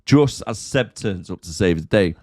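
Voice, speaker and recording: A man's voice: low-pitched, animated, normal speed, no echo, clean studio sound. Blunt chuckling man. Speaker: podcast co-host. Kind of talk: casual chat.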